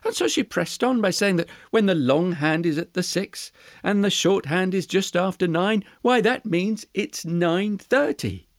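A storyteller telling a fairy tale in an expressive, animated way. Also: mid-range voice, unhurried, dry recording, studio quality. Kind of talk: storytelling for children.

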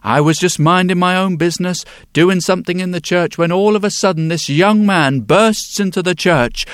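Fretful, hesitant vicar, done by a male storyteller, light raised pitch, dry. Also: moderate pace, smooth, dry recording, close to an everyday voice. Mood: troubled. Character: troubled middle-aged male country vicar.

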